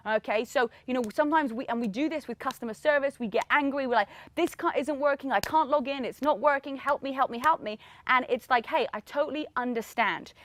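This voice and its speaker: An energetic woman speaks in a fairly high voice, hosting a motivational podcast on her own. She talks in a lively, encouraging way, often checks in with "right?" and laughs now and then. The sound is close and dry, with no room around it. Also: dry recording. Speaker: podcast host. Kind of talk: motivational solo podcast talk.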